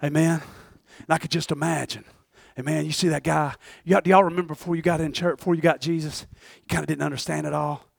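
A man preaching a fervent sermon with sudden shouted bursts. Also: a little high, fairly even intonation, fast, gravelly, few pauses, no echo.

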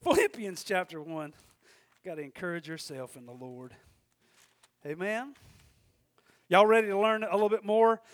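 A middle-aged man preaching a sermon, excitable, swinging between shouting and hushed talk. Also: sits high, normal speed, pauses often, no room sound.

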